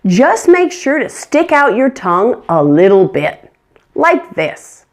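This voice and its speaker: A woman coaching English pronunciation in a slow, measured way. Her pitch rises and falls freely as she models each sound with clear, deliberate demonstrations. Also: very animated. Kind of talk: pronunciation lesson.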